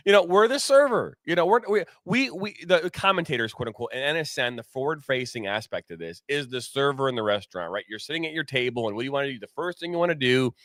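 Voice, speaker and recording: An animated soccer commentator talks at a quick pace in a mid-range, slightly bright voice, recorded dry at studio quality. Co-hosting a podcast, he rants candidly and opinionatedly, swearing frequently and restarting as he rambles.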